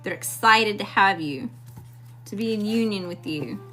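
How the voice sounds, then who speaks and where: A woman's voice: medium pitch, unhurried, fairly bright tone, soft background music. A woman from Mississippi with a Southern accent giving a casual tarot reading to her viewers, talking in a sassy, blunt and profane way. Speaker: tarot reader.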